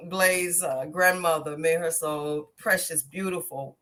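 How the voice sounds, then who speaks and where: With a deep, unhurried voice, this actress tells stories on a podcast in relaxed conversation. She's a lively storyteller who performs the quotes and laughs often.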